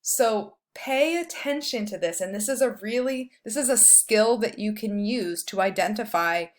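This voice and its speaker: A woman professor records a lecture over her slides, speaking at a mid-range pitch. She explains in a loose, casual way with plenty of fillers, as if talking straight to her students. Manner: reads verse slowly, stressing each beat.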